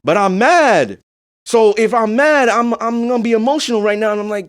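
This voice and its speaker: A man's voice: sits high, moderate pace. Blunt, profane man hosting a podcast. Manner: blunt, profane, emphatic, with frequent "you know what I'm saying". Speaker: podcast host. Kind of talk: casual podcast monologue.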